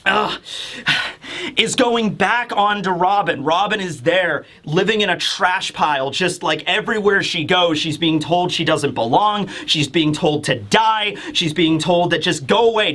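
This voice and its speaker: Bright, high-voiced male reviewer. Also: normal speed. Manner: animated, casual, swears, says "right?". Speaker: host, manga reviewer. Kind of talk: casual chat.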